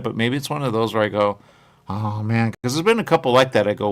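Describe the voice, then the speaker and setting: Rambling gravelly man hosting a live show. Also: mid-range voice, expressive, a little fast, fairly bright tone. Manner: rambling, repeats "there you go", reads chat comments aloud. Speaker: radio show host.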